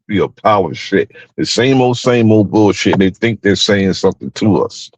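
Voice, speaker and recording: A man's voice: lowish voice, animated, moderate pace, a little mellow. A man in casual commentary, scornful and given to laughing.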